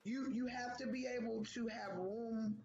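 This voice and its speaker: A woman's voice: fairly high pitch, unhurried. A woman co-hosting a casual talk about grief, acting out quoted voices as she speaks. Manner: animated, acts out quotes. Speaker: co-host. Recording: echoey room, dull sound, faint music.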